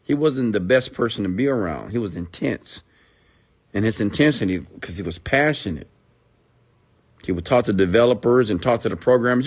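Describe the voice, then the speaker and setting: A man delivers a motivational rant in a fairly low voice. He drives his points home by repeating them and keeps asking rhetorical questions. His delivery is emphatic and direct, as if he is speaking straight to each listener. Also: expressive, normal speed.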